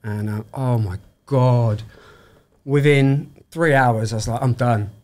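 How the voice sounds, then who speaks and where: A man's voice: medium pitch, takes it slowly, a little mellow. A young adult man from England, casually telling a story and acting out the dialogue in it. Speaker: guest tradesman. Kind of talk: casual storytelling in a podcast chat.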